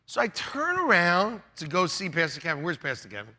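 A middle-aged man, a pastor, preaching a sermon with animated storytelling, laughing and shouting out quotes. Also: a little high, a little fast, hardly any pauses.

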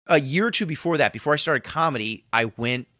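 A man guest on a comedy podcast, telling a story in an animated, self-mocking way and laughing often. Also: fairly high pitch, quick pace, no echo, studio quality. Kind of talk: casual podcast chat.

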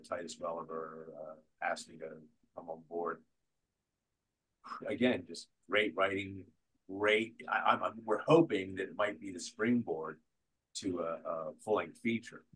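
Actor guest, male, bright forceful voice, animated storyteller. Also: low-pitched, husky. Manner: animated, restarts sentences often. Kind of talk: casual interview storytelling.

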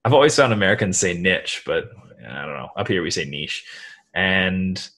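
A man with a deep, low voice talks through his answers in a relaxed interview. His delivery is loose and meandering, full of casual fillers. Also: a little fast. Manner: relaxed, rambling, many "like" fillers. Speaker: guest, online seller.

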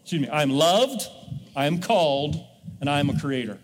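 A man's voice: on the high side, expressive, a little fast, big-room sound, slight background noise. A male pastor preaching a sermon in a church, leading the congregation in call-and-response. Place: church sanctuary.

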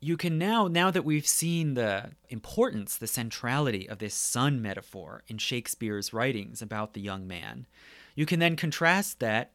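A man's voice: medium pitch, expressive, normal speed, a bit bright, dry recording. A man lecturing on poetry in a conversational way, often checking in with his listeners. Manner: conversational, tags points with "right?". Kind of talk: academic lecture.

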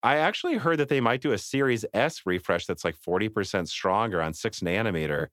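Lively, low-voiced man in casual talk. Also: a little fast, dry recording, clean studio sound. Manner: animated, rambling, self-interrupting. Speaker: podcast host. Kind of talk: casual tech chat.

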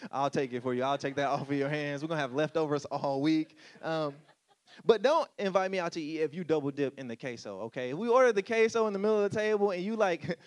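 A man's voice: sits high, no room sound. A man preaching a sermon in a casual, joking way, dropping "come on" asides between points. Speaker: pastor.

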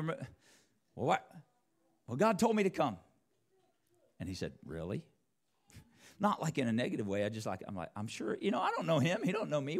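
A preacher telling a personal story in a church sermon, acting out both sides of the conversations. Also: male voice, medium pitch. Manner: animated, acts out both sides of dialogue. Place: church sanctuary.

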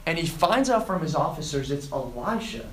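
A man preaching to students, retelling a scripture story and acting out the quoted lines with lively emphasis. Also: a little high, moderate pace, roomy sound, a little hiss or hum, poor audio. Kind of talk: sermon to a student group.

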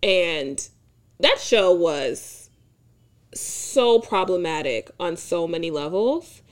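A woman co-hosting a podcast, chatting casually and candidly with frequent profanity and animated retellings. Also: lowish voice, slow. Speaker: podcast co-host. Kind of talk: casual chat.

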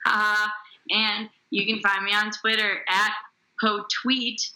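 A woman's voice: medium pitch, level tone, bright, forceful tone, poor audio. A young woman comedian guesting on a podcast, joking wryly about herself in casual chat. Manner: quick, self-deprecating, wry.

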